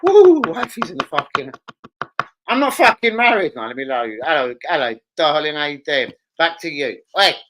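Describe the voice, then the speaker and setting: A British man hosts a casual football fan livestream, ranting with excitable energy and plenty of swearing. His pitch swoops up and down constantly as he talks. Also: brisk, rough recording. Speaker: live stream host.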